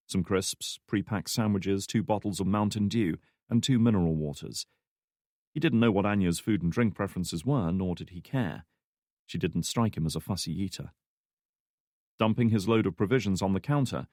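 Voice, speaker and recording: Male audiobook narrator, low voice, measured, steady, dry close recording. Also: no echo. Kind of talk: scripted narration.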